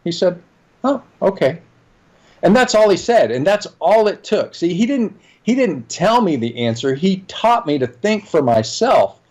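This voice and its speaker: A middle-aged man tells stories from his working life in an earnest, conversational way. His voice sits a little high for a man. He acts out the dialogue as he recounts it. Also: very animated, normal speed, hardly any pauses, a little mellow. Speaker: guest, leadership trainer. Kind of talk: conversational storytelling.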